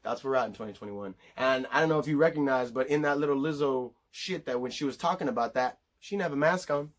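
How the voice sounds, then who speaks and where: A man's voice: medium pitch, fast talker. A man vlogging a blunt, heavily profane commentary rant, heated and casual.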